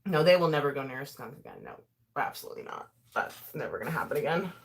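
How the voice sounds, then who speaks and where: A woman's voice: quick pace, vocal fry. A woman chatting casually and rambling through a makeup tutorial, with lots of fillers and asides. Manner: animated, swings in pitch and loudness. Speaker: YouTuber doing a makeup tutorial. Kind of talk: casual chat while doing makeup, talking to live chat.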